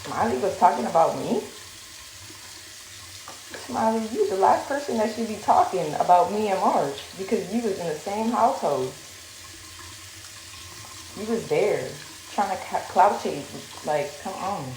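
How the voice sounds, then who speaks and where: A woman's voice: mid-range voice, expressive, unhurried, pauses often, a little mellow, echoey room, slight background noise, low-quality recording. A woman venting heatedly on a livestream, confrontational and full of fillers, recorded on a phone in a room.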